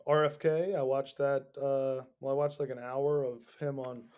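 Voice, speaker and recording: A man's voice: mid-range voice, little pitch movement, normal speed, darkish tone, dull audio. A man hosting a podcast, ranting casually in a rambling, sarcastic, profane way. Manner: rambling, sarcastic, swears a lot. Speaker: podcast host.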